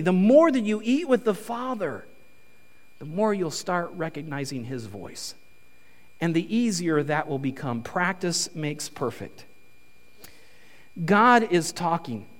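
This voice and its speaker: A male pastor giving a conversational, animated sermon in a church. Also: high voice, normal speed. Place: church sanctuary. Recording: reverberant church hall.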